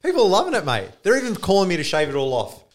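A man's voice: sits high, wildly swooping pitch, rapid-fire. A man co-hosting a podcast, telling stories in a casual chat, laughing a lot and saying "mate" constantly. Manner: laughs a lot, tells stories, says mate all the time. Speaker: podcast co-host. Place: studio.

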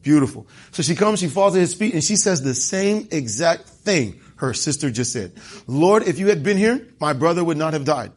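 Husky man preaching a sermon. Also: fairly high pitch, expressive, moderate pace. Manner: conversational, dramatizes scripture dialogue.

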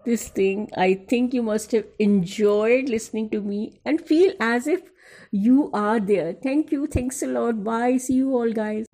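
A woman's voice: a little high, moderate pace, dark tone, poor audio. A woman telling a funny story from her school days, in a chatty, dramatic, self-mocking way. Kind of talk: casual spoken storytelling.

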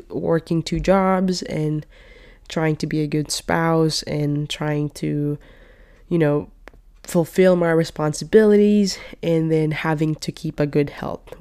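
A woman's voice: sits low, a little mellow, clean tone. A woman in her twenties hosting her own podcast in a casual, rambling way, still a little sick, filling her talk with "like" and "you know.". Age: 20s. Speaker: podcast host. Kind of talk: casual solo podcast chat. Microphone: podcast microphone.

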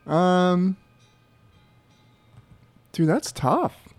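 A man's voice: high voice, expressive, drawn-out words. Laid-back man who swears casually. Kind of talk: casual chat.

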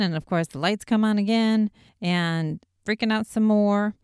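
A woman's voice: mid-range voice, normal speed, darkish tone, clean tone, no echo, clean studio sound. A woman casually recapping a TV episode in a chatty way, with lots of "like" and wry asides.

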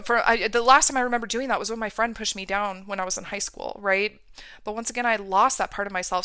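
A woman's voice: a little high, bright, forceful tone, smooth, dry recording. A woman hosting a podcast, telling a personal story in a candid, emotional way. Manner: emotional, candid, reenacts her own outbursts. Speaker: podcast host.

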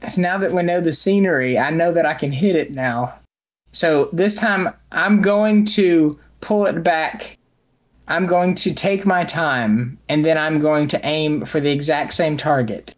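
Slow-talking player, deliberate, polite, mid-pitched voice. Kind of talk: casual tabletop role-play.

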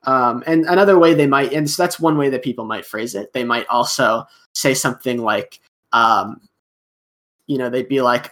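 A man's voice: mid-range voice, normal speed, a bit bright. American man explaining at easy length. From United States. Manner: explanatory, acts out little dialogues, many fillers. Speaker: podcast guest. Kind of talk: casual chat.

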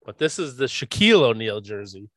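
A man co-hosting a casual sports podcast, easygoing and quick to laugh. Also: medium pitch, very animated, a bit bright, no room sound. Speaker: podcast co-host. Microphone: studio podcast mic.

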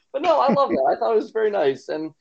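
A man's voice: high voice, very animated, normal speed, gravelly, a little mellow. A man co-hosting a podcast in casual chat, rambling with lots of fillers and frequent laughs. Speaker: podcast co-host. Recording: dull lo-fi podcast audio.

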